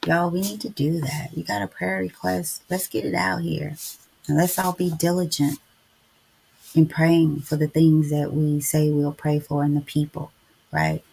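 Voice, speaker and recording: Low gravelly woman, preachy. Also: flat delivery, unhurried, mellow. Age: middle-aged. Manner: chatty, preachy, keeps addressing listeners as y'all. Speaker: podcast host. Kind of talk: casual devotional live-stream chat.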